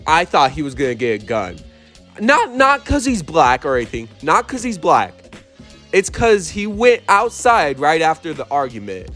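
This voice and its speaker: A man's voice: a little high, sing-song, normal speed, pushed and bright, faint music behind. A young man telling a storytime on his vlog, blunt and profane as he retells an argument at work. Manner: blunt, swears often, retells the argument animatedly. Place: worked in New Mexico.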